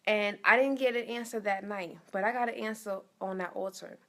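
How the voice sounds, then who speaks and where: A woman's voice: mid-range voice, steady tone, brisk, sharp tone. A young adult woman sharing a personal faith testimony as a motivational speaker, earnest and often repeating phrases and restarting. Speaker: motivational speaker and life coach.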